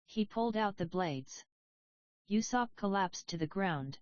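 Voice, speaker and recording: A woman narrating a story audiobook in an even, measured reading voice. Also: mid-range voice, no echo. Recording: dry, slightly dull audio.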